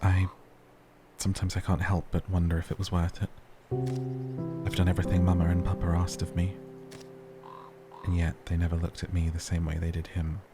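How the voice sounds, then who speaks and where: Man voicing a sorrowful young woman, low subdued read over game music. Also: completely flat delivery, moderate pace, long pauses. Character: grieving young woman, sister of a missing soldier.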